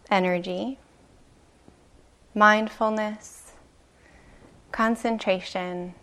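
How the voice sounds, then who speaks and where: A woman meditation teacher giving a dharma talk, telling a story slowly and gently, with soft pauses. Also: on the low side, gravelly. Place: retreat meditation hall.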